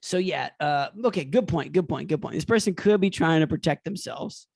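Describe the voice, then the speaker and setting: Chatty man with a high voice. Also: fairly quick, vocal fry, dry recording, studio quality. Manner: rambling, laughs often, drops into silly put-on voices. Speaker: podcast co-host. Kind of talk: casual comedic banter.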